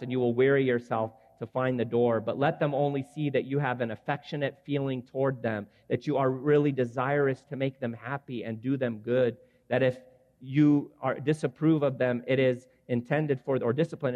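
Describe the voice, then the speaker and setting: Earnest male preacher in a reverberant hall. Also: medium pitch. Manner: earnest, gentle, with brief chuckles. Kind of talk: sermon. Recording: muffled sound with long hall reverb.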